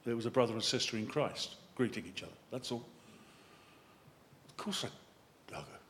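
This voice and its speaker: A man, a vicar, giving a lively sermon that wanders into chatty, self-mocking asides. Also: medium pitch, normal speed, slight background noise. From England. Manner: animated, chatty preaching with digressions and self-deprecating asides.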